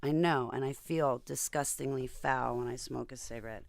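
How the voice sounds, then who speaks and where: Woman rambling on a video call, gravelly voice, dry close mic. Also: very deep voice, steady tone, normal speed, no room sound. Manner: rambling, blunt, emphatic. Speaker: vlogger. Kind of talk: casual chat on a video call.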